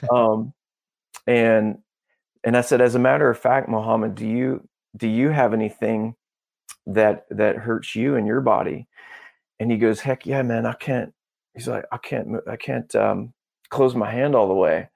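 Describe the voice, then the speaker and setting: A man as a podcast guest, telling a story in a casual, animated way and acting out the dialogue. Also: medium pitch, measured pace, gravelly. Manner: animated, acts out dialogue, peppers talk with "bro" and "dude".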